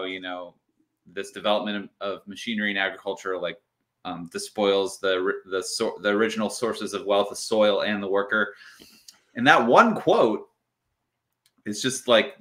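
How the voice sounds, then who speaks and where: A man's voice: on the low side, sharp tone. A man, a professor appearing as a podcast guest, talking casually with a lot of "like". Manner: casual, peppered with "like". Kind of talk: casual interview conversation.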